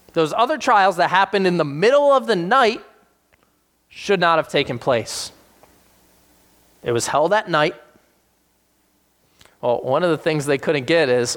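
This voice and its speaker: Guy preaching, animated storyteller, voice sits a bit high, jumps way up when he does the characters. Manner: animated, acts out quoted characters with sudden high-pitched voices. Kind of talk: sermon retelling scripture. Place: South Jersey church.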